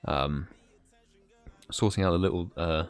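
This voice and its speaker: Hosting a live stream, a young man from the UK chats casually in British English and greets viewers by name. He speaks at a measured pace in a smooth, low-pitched voice, with soft background music.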